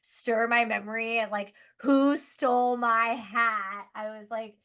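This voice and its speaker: A woman's voice: on the high side, takes it slowly, smooth. Chatty woman telling backstage stories. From Southern California. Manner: chatty, animated, lots of "like", laughs while telling stories. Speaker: guest musician. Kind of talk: casual podcast storytelling.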